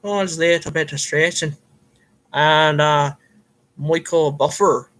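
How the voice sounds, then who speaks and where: In a low-quality recording, a man uses a fairly high, steady, slightly bright voice, pitched below his own, at a slightly slow pace. He plays a self-styled Irish fight commentator with a put-on, admittedly somewhat off Irish accent, giving hammy, mock-formal comic play-by-play full of rambling fillers.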